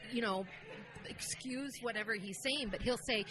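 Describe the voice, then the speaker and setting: A woman's voice: on the high side, normal speed, a crowd in the background. A woman from England co-hosting a podcast, talking bluntly and scoffing in casual chat. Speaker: podcast co-host.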